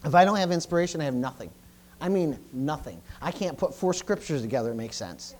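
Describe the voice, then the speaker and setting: A middle-aged male pastor delivers a sermon in a fairly high-pitched, animated voice at a brisk pace. He often stumbles and repeats words, swinging between loud bursts and quiet asides.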